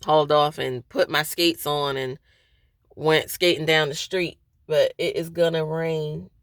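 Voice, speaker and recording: A woman venting candidly to her viewers from a parked car, hesitant, with many pauses and restarts. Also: sits low, fairly even intonation, no room sound, clean studio sound. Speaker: vlogger.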